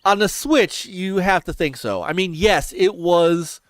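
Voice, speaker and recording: Man, podcast host, casual gaming chat, a touch high, dry close sound. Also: measured pace, fairly bright tone, no echo. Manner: chatty, restarts and laughs while talking.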